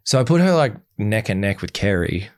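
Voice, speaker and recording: A man's voice: on the low side, a little fast, dry recording. A young man in a candid interview, speaking bluntly and acting out the things people said to him. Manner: blunt and animated, acting out quoted dialogue. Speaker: interview guest.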